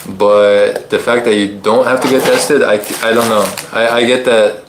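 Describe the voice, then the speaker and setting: A man co-hosting a casual live-stream chat from his living room, joking and teasing in relaxed banter. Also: on the low side, normal speed. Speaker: co-host. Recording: echoey living room, faint noise.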